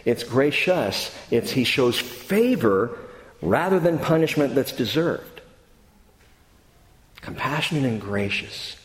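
A man preaching a sermon as pastor, reading scripture slowly and building to emphatic, lively bursts. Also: mid-range voice, a little hiss or hum. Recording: roomy hall with long reverb.

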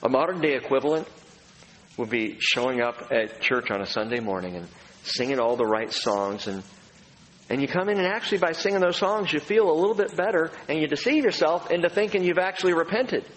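A man preaching a sermon as a pastor, animated, acting out the voices he quotes. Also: a little high, fairly quick, a little hiss or hum. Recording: reverberant hall, faint room ambience.

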